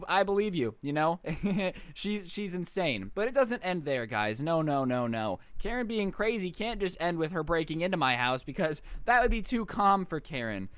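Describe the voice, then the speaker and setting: A man's voice: fairly high pitch, fairly bright tone, smooth, no room sound. A man in his twenties telling a story in a casual, exasperated and sarcastic rant at his computer. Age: 20s. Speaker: storyteller vlogger.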